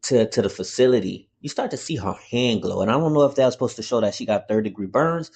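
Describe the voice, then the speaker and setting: A man giving a casual, rambling comic book review, excitable and swearing freely. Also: medium pitch, quick pace.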